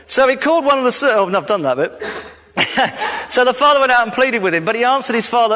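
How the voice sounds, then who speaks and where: A male preacher giving a jokey, animated sermon in a church hall. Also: high-pitched, fairly quick. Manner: animated, jokey, laughs often. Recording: reverberant hall.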